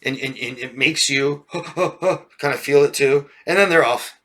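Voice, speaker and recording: A man coaching viewers in casual talk, animated, with frequent laughs and checks like "yeah?", mimicking friends in raised mocking voices. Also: medium pitch, unhurried. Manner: occasional swearing. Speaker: relationship coach.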